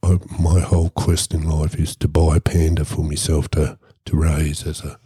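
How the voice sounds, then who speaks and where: Australian man, podcast host, rumbling low and dark, deadpan crude yarn-spinner, dry close mic. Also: moderate pace, husky, dry recording. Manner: deadpan, swearing constantly. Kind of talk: crude comic storytelling.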